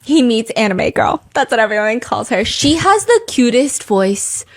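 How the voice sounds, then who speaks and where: A woman's voice: fairly high pitch, very animated, normal speed. A woman in her thirties hosting a podcast, telling a story in casual chat and acting out quotes in shifting voices. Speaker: podcast host.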